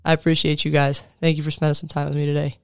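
A man's voice: on the high side, monotone, racing, creaky, smooth, no room sound. A man in his thirties, a coach talking to other coaches in an earnest, conversational way, with casual fillers and restarts. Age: 30s. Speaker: sports coach speaking to fellow coaches. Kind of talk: motivational talk.

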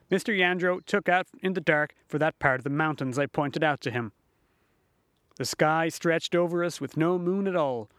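A man narrating a first-person story in a folksy, unhurried storytelling manner. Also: fairly high pitch, a bit bright, no room sound, clean studio sound.

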